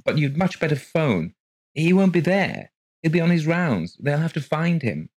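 A man's voice: on the high side, sing-song, normal speed, a little mellow, voice pushed up. A man voicing an anxious young mother who talks politely and hesitantly, stammering as she apologizes.

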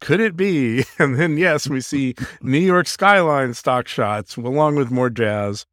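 A man's voice: medium pitch, slow pace, a bit bright, dry recording, clean studio sound. A man co-hosting a podcast, casually recapping an episode scene by scene and laughing often as he goes. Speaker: podcast co-host.

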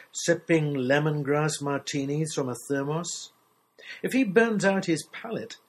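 A man reading a literary short story aloud in a measured, expressive storytelling manner. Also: mid-range voice, slightly rough, low-quality recording. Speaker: story reader.

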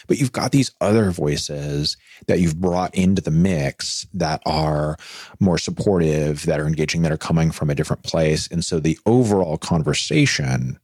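A man's voice: sits low, a little fast, darkish tone, breathy edge, no room sound, studio quality. A man hosting a podcast interview, reflective and affirming, thinking aloud as he talks. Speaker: podcast host.

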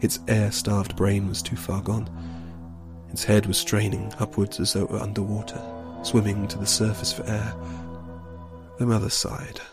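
A man narrating an audiobook fantasy story in an even, hushed storytelling manner. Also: on the low side, moderate pace, vocal fry. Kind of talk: scripted narration. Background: background music.

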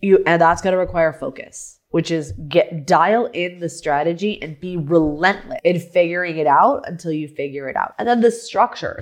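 Animated woman coaching on a solo podcast. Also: fairly low pitch. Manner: animated, acts out her own past questions; restarts and repeats words often. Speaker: business coach.

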